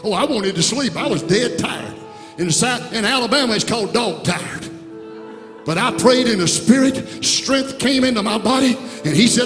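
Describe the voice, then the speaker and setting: A bishop preaching an impassioned sermon in a church sanctuary, swinging between soft words and shouts. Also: male voice, extremely high pitch, animated, moderate pace. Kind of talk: Pentecostal sermon. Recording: reverberant church hall with music.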